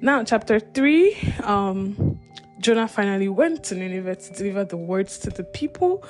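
A woman's voice: mid-range voice, lively intonation, moderate pace, soft background music. Woman leading a Bible study, mid-range voice, chatty retelling full of laughs and asides. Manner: chatty, laughs often, many "you know" fillers.

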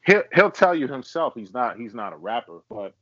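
A man's voice: medium pitch, very animated, normal speed, a bit bright, no echo. A man with a mid-range voice chimes in often during a casual podcast chat, joking along. The recording is dry and close but muffled. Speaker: podcast co-host.

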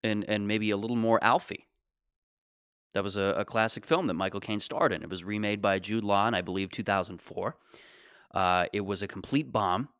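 A man's voice: lowish voice, normal speed, fairly bright tone, smooth, dry recording, clean studio sound. A man in his late twenties hosting a solo podcast, talking casually in a rambling, joking, self-deprecating way. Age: 20s. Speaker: podcast host.

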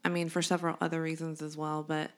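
A young adult woman talks candidly on a podcast, her voice sitting on the low side. She tells a personal story earnestly and grows animated as she retells it. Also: fast. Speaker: podcast co-host.

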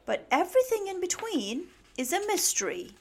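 A small young crocodile boy, anxious about whether his dad is good at anything. His voice sits very high and swoops with worry, as a woman puts him on. A storybook character with a lively, fretful lilt. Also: normal speed, full character voice. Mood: worried. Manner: anxious, fretful, then excited.

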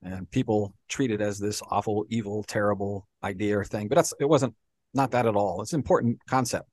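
A man's voice: on the low side, brisk, a little mellow, no room sound. A man co-hosting a podcast, explaining history at length in casual talk, often dropping "you know" and "right?". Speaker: podcast co-host.

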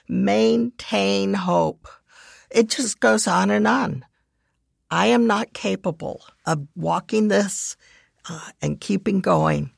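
Woman, middle-aged, devotional teaching, earnest, heavy vocal fry, dry close sound. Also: medium pitch, dry recording. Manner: earnest, measured, reads verses in lists. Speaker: devotional speaker and parent. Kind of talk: devotional teaching with scripture readings.

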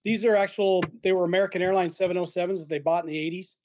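Middle-aged man, high voice, laid-back podcast guest who laughs through his anecdotes. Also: fairly even intonation, rapid-fire, darkish tone, a little hiss or hum. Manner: chuckling, acts out quoted dialogue. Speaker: podcast guest, retired aircrew. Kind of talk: casual storytelling chat.

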